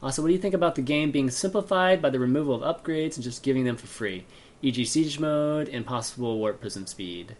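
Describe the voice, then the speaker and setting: A man's voice: medium pitch, fairly quick, a little mellow. A man hosting a casual gaming chat, talking hesitantly with many fillers and restarts.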